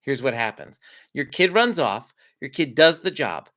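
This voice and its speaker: A man giving a conversational parenting lesson, explaining steps in a relaxed, chatty way with frequent small laughs. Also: medium pitch, measured pace. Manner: lively, conversational, laughs often. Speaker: parenting coach. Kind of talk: instructional talk to parents.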